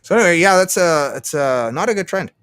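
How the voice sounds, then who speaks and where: A man's voice: high voice, expressive, brisk, a bit bright, clean tone, no echo. A man from Canada hosting a casual solo livestream, rambling and sarcastic, muttering to himself between remarks. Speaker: livestream host.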